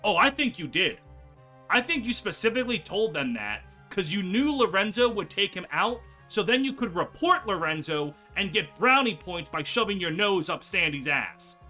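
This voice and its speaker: A man playing a tabletop game, talking in animated, profane and mocking banter. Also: high voice, moderate pace, soft background music. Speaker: tabletop player. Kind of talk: casual role-play banter.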